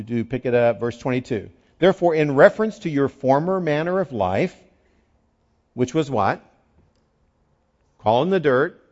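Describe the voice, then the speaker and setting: A pastor preaching a sermon, emphatic, repeating key phrases and rising for emphasis. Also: male voice, on the high side, dull audio.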